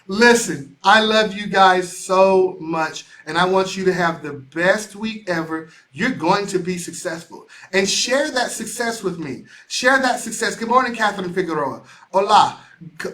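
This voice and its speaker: Man, motivational host, preacher-like, call-and-response, high voice, energetic, video call. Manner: energetic, preacher-like, often shouting and repeating. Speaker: association CEO hosting a weekly motivational show. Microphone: live video call.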